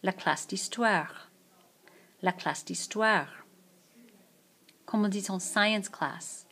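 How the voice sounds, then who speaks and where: A woman teaching French vocabulary in a screencast, saying each phrase slowly and then repeating it. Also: mid-range voice, pushed and bright, slightly rough. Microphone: tablet mic.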